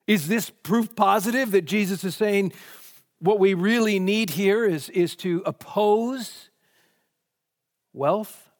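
Male preacher, higher voice, rhetorical questions, emphatic, long hall reverb. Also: takes it slowly. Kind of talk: sermon.

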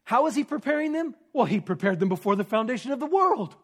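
A man preaching an expository sermon, teaching with rhetorical questions and swinging from emphatic stress to hushed, near-whispered points. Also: very high voice, sing-song, fast talker. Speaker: pastor.

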